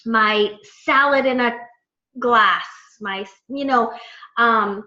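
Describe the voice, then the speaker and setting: A woman in her thirties telling a story to her coaching team in a chatty, animated way, full of quoted dialogue. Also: fairly high pitch, takes it slowly. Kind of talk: casual storytelling talk to a team. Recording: echoey, dull lo-fi room sound.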